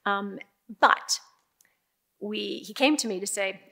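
An older woman giving a keynote speech, telling stories in a lively way with emphatic, repeated phrases. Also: medium pitch, takes it slowly, gravelly. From Canada. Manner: lively storytelling, emphatic repetition. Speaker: keynote speaker.

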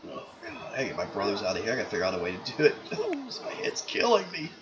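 A man's voice: lowish voice, wildly swooping pitch, very fast, a loud crowd, pitched below the performer's own voice, low-quality recording. A man voicing a cranky, foul-mouthed male ninja turtle who grumbles about a sore head. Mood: grumpy. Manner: grumbling, cursing. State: complaining of a headache.

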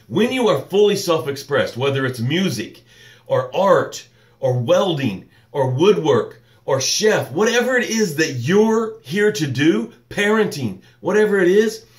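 A man hosts a live motivational morning show, his voice ringing in a roomy, echoing space. He stacks up fervent, sermon-like phrases and calls viewers by name. Then he eases into soft, unhurried breathing cues. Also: fairly high pitch. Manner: fervent, preacher-like build-ups with repeated phrases. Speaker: business coach hosting a live morning show.

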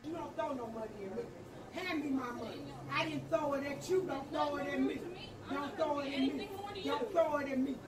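A woman's voice: sits high, normal speed, far from the mic, a loud crowd, heavy background noise. A woman as an angry customer, repeating herself insistently. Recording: echoey crowded store filmed from afar.

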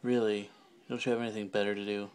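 A man's voice: fairly low pitch, little pitch movement, quick pace, a little mellow, clear, resonant tone. A man vlogging alone to his camera, rambling playfully, drifting into whispers and joking about his attempts at other accents. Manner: silly, slips into mock accents and whispers. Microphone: handheld camera.

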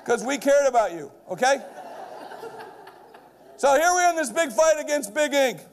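A middle-aged man giving a brash, punchy keynote to a live audience, building to loud shouted punchlines and checking in with "okay?". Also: very high-pitched, expressive, normal speed, a little hiss or hum. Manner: keeps checking in with the crowd with "okay?". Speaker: keynote speaker. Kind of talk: energetic stage keynote. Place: large lecture hall before a live audience.

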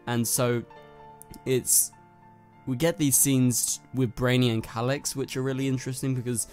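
A man's voice: mid-range voice, fairly even intonation, moderate pace, darkish tone, soft background music. A man from North London with a London accent, casually reviewing a TV episode in a chatty, rambling way, full of fillers. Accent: London English. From North London, England. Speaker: TV review host.

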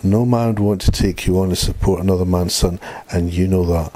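A man's voice: low voice, steady tone, brisk, mellow. A man voicing a cruel, abusive stepfather who talks with scorn and menace. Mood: contemptuous. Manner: scornful and threatening.

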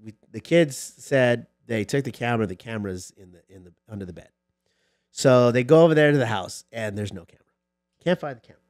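A man's voice: a little fast, no room sound, clean studio sound. A man telling a funny story in a casual chat, acting out quoted dialogue. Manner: animated storyteller, acts out quoted dialogue with rising pitch. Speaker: sports lawyer podcast guest.

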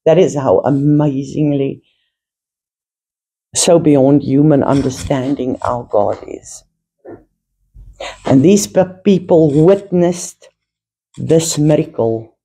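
Slow, low-voiced woman teaching the Bible. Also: husky. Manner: earnest, animated storytelling with laughs.

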